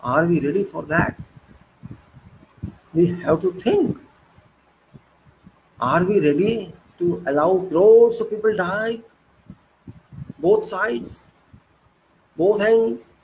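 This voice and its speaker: A man with an Indian English accent speaks in a fairly high voice, delivering an impassioned monologue full of indignant rhetorical questions and sarcastic jabs. A faint hiss of noise sits under the recording. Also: animated, takes it slowly, long pauses, a little mellow, poor audio. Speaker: political commentator.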